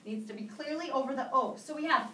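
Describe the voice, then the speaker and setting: A woman teaching a high school Spanish class, drilling students with call-and-response prompts in English and Spanish. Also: fast, a bit bright. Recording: echoey classroom from far off, faint noise.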